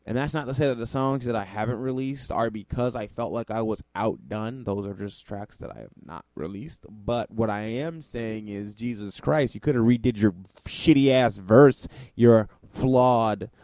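A man's voice: on the low side, normal speed, few pauses, darkish tone, dry recording, studio quality. A man giving ranting commentary on music, sarcastic, profane and exasperated.

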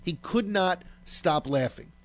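A man's voice: sits high, lively intonation, slow pace. A man telling a long, crude story in casual chat, full of fillers and swearing. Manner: rambling and profane, heavy on fillers.

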